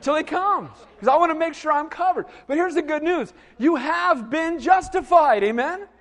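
A middle-aged man preaching a sermon, telling lively stories and asking the congregation questions. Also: very high-pitched, normal speed, in a large hall. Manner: animated storytelling with asides to the congregation. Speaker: pastor.

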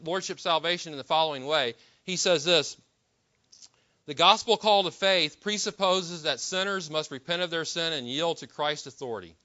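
Bright-voiced emphatic male preacher, lo-fi. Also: a little high. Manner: emphatic, with frequent restarts and rhetorical questions. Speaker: pastor. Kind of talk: sermon.

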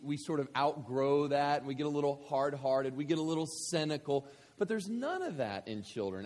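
A man in his thirties, a pastor telling a story in a sermon, going from hushed to shouting. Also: medium pitch, in a large hall. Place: church hall with audience.

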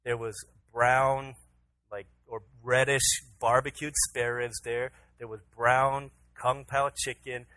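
Brief: male pastor, 30s, bright, forceful voice, storytelling sermon that acts out the dialogue. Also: mid-range voice, little pitch movement, takes it slowly, no echo, poor audio. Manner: storytelling, acts out his own pleading voice to his toddler.

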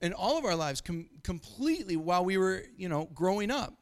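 A man's voice: high voice, very animated, fairly quick. A middle-aged man from Montana preaching a sermon, telling stories and chuckling often. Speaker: pastor.

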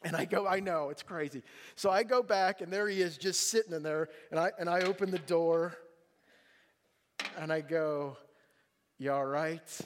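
A man preaching a sermon as a pastor, telling a family story in an animated, jokey way and acting out the dialogue. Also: high voice, normal speed, slight background noise. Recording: long reverb of a large hall.

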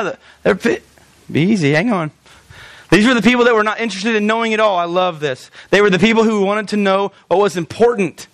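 A male pastor preaching a sermon in a church, animated and often acting out quoted voices. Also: sits high, no room sound.

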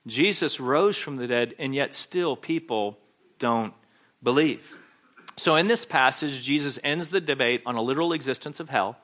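A man's voice: mid-range voice, moderate pace, a bit bright. A man preaching a sermon, emphatic and insistent, hammering home his points by repeating key phrases.

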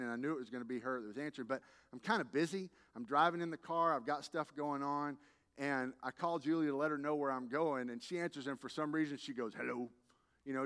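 Conversational preacher in a reverberant hall. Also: male voice, a little high, a bit bright. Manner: conversational preaching with humorous stories, rising to emphatic peaks. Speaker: pastor. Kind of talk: sermon. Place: church sanctuary.

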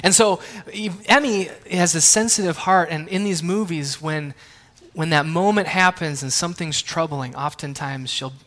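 Pastor, man in his thirties, high voice, chatty sermon with family anecdotes, long hall reverb. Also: normal speed, bright, forceful tone. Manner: conversational, self-deprecating, asks the audience questions.

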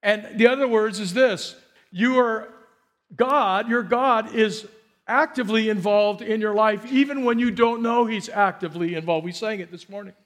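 Middle-aged pastor guy preaching, high voice, goes quiet then loud. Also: normal speed. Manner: animated, swings from quiet asides to loud emphatic preaching. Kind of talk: sermon.

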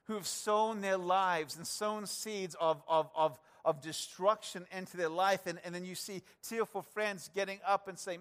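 High-voiced earnest preacher man. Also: normal speed. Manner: earnest, conversational preaching with repeated asides to the congregation; swings from low, quiet passages to raised, energetic emphasis. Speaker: pastor. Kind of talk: sermon.

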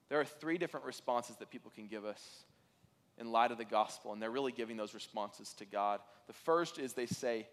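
A man's voice: medium pitch, normal speed. A man preaching a sermon as pastor, earnest and conversational, with occasional fillers and restarts. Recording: reverberant hall.

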